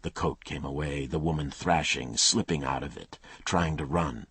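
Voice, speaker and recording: A man's voice: rumbling low, steady tone, normal speed, fairly bright tone, husky. A man narrating a crime thriller audiobook in a clipped, tense style.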